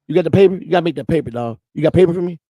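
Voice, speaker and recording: A man's voice: fairly high pitch, very fast, dark tone, no room sound, close to an everyday voice. A man voicing a pushy male street hustler who keeps demanding his money in insistent, repetitive slang.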